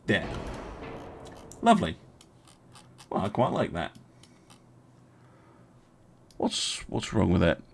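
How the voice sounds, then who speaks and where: A young man streaming a strategy game, talking his choices through out loud and replying to his chat. His low voice has a gravelly edge. His pitch swings up and down a lot as he chats, full of ums and uhs. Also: huge pitch swings, takes it slowly, long pauses. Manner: chatty, thinking aloud, talking to chat with many fillers. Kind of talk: casual live-stream gameplay commentary.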